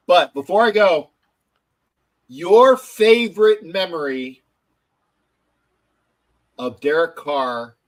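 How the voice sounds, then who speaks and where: A man's voice: a little high, poor audio. A man hosting a casual sports talk show, rambling with many fillers and swearing. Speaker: podcast host.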